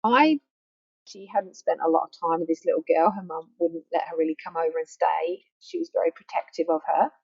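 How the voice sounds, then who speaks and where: A woman's voice: sits low, brisk, gravelly, a little mellow, slightly rough, dry recording. A middle-aged woman counsellor giving an earnest, emphatic talk, repeating phrases for stress. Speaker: grief counsellor. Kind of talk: personal teaching talk. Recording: muffled faulty microphone.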